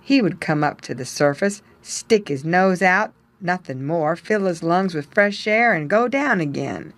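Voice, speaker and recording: A woman reading a children's animal story aloud in clear, measured narration. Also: on the low side, lively intonation.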